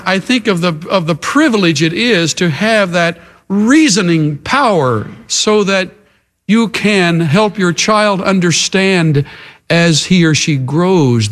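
A middle-aged man preaching a sermon as pastor, earnest and emphatic, with pauses. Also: fairly high pitch.

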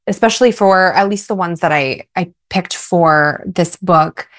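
A woman's voice: on the low side, a little slow. Rambling, thoughtful woman guest author. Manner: thoughtful, rambling with restarts, light laughs. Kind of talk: casual radio interview.

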